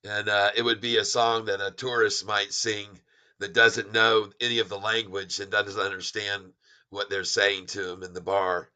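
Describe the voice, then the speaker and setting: Bright-voiced excitable stock vlogger man. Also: on the low side, normal speed, smooth. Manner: excitable and rambling, with exclamations and restarts. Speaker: stock market vlogger and songwriter. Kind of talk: casual livestream chat about stocks.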